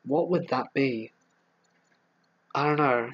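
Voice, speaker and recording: A man with a Southeast English accent hosting a casual live stream, reading viewer comments aloud and answering them in a relaxed, rambling way. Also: mid-range voice, normal speed, husky, muffled recording. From England.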